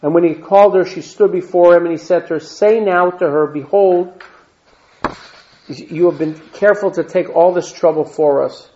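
Reading verses aloud at a moderate pace, this man teaches Torah, adding plain asides and Hebrew terms after each. His voice sits high and warm, captured on a dull lo-fi recording.

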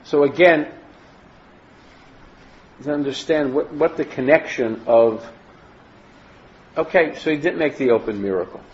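A man's voice: a little high, a little slow, long pauses. A man teaching a Torah class, reading passages from a text aloud and explaining them with frequent restarts. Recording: dull lo-fi recording.

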